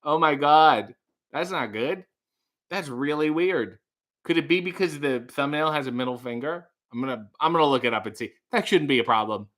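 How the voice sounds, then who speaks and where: A man's voice: on the high side, moderate pace, a bit bright. A man hosting a casual live stream, reading viewer comments aloud and joking with chat. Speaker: livestream host.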